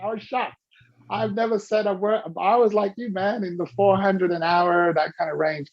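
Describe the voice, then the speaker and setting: A husky man with a gravelly edge tells an animated coaching story, bouncing between the voices of the people he quotes. He coaches the listener along and has them repeat his rules back. The recording sounds dull and lo-fi. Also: sits high, normal speed. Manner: acts out quoted dialogue with lively shifts in voice. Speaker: business coach.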